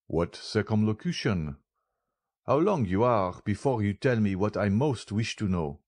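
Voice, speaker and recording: A man's voice: fairly low pitch, animated, measured pace, darkish tone, no room sound, clean studio sound. A man voicing a proud, impatient young nobleman in an audiobook, speaking sharply. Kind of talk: audiobook character reading.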